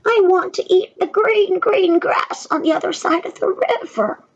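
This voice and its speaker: A woman voicing a small, timid young billy goat in a very high, small pleading voice. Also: measured pace, lo-fi sound.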